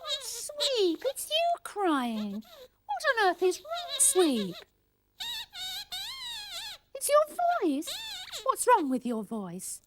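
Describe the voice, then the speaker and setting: A woman's voice: extremely high pitch, noisy background. A woman presenting a children's puppet show, prim and fussy, with careful, precise diction.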